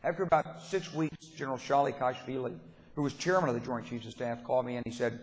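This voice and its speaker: A man's voice: medium pitch, fast. Older man giving a speech in a reverberant hall. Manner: anecdotal, emphatic, folksy humor. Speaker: keynote speaker. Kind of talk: political dinner speech. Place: banquet hall at a dinner event. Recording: long reverb of a large hall.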